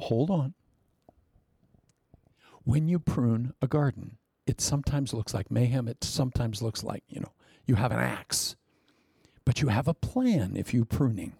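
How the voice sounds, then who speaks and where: Gravelly, emphatic male preacher. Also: unhurried, dark tone, dry recording, clean studio sound. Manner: emphatic preaching with repeated phrases and sudden jumps in pitch. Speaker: pastor. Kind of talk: sermon.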